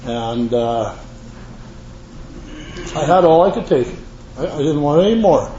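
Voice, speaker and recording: An older man speaks in a mellow, fairly high voice, telling his story with rambling, earnest asides. He is recorded in an echoey meeting room with a dull, lo-fi sound and a faint hiss underneath. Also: expressive, a little slow. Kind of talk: personal testimony to a live audience.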